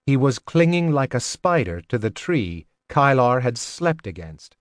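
A man narrates a fantasy audiobook with a measured, even delivery at a middling pitch. The recording is close and dry, with no room sound. Each line is read with steady control. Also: no room sound.

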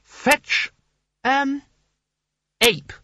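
A man's voice: very high voice, extremely slow, bright, forceful tone, dry recording, clean studio sound, pitched above the performer's own voice, heavily acted. A man voicing a small, timid male wizard who speaks nervously and hesitantly. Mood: meek.

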